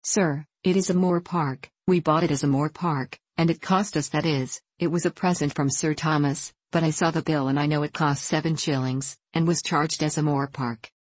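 A woman's voice: low-pitched, steady tone, normal speed, hardly any pauses, no echo. Woman reading as a boastful, rambling old aunt. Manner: rambling and self-important. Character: fussy, boastful older English aunt, talkative. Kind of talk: audiobook reading.

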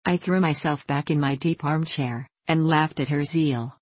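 Low-voiced woman reading a storybook. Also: steady tone, a little slow, darkish tone, breathy edge, no room sound, poor audio. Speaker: audiobook narrator. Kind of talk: scripted narration of a classic novel.

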